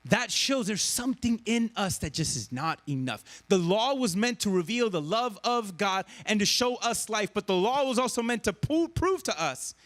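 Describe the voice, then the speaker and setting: Bright, high-voiced energetic pastor. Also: male voice, moderate pace, few pauses. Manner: energetic and conversational, keeps asking the crowd "right?". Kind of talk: conversational sermon.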